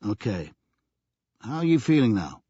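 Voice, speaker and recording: A man's voice: lowish voice, big pitch swings, a little slow, dark tone, husky, no echo, muffled recording, full character voice. A man voicing a skeptical male police lieutenant who asks terse, pressing questions.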